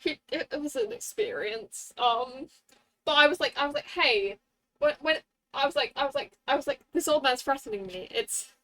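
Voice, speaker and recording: A woman's voice: sits high, fairly quick, fairly bright tone. A woman streamer chatting casually and rambling through a game playthrough, repeating herself and joking crudely.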